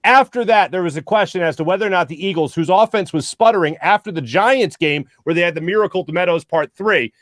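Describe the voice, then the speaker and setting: On a postgame sports show, the high-pitched host talks fast with hardly any pauses, rolling through animated runs and starting sentences over again and again. The sound is close and dry, with no echo at all.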